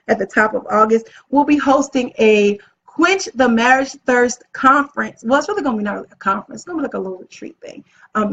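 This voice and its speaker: A woman hosting a casual live video as an event planner, upbeat and chatty, often gushing about how excited she is. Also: a little high, slightly rough. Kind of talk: casual live-stream talk. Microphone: phone or webcam live stream. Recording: dull lo-fi live-stream audio.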